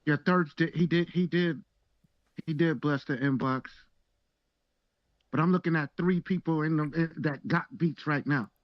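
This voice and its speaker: A man co-hosting a live video-call chat, upbeat, teasing and quick to react, over dull lo-fi call audio. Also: on the high side, no echo. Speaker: podcast co-host. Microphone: webcam video call.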